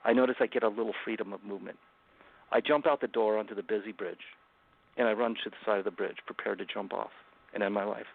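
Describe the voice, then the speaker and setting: A man's voice: lowish voice, fairly even intonation, fast talker, gravelly. A man, a guest author on an interview show, intensely retelling a dramatic personal story and acting out the quotes. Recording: tinny phone-like line.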